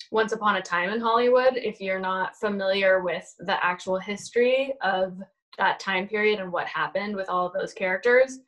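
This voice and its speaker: A woman, an actress and producer, talking reflectively as a podcast guest with many fillers. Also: mid-range voice. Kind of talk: casual interview chat.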